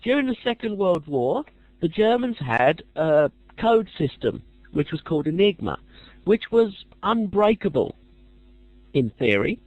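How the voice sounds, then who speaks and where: A man's voice: sits high, very animated, unhurried, darkish tone, dry recording, dull audio. A man giving a casual lecture as a teacher, chatty with dry jokey asides.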